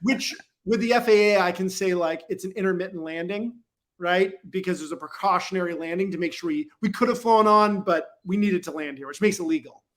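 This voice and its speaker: A man's voice: sits high, fairly quick, fairly bright tone. A man guesting on a podcast, telling casual, rambling stories full of "like" and "you know, right?". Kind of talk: casual storytelling. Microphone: podcast microphone.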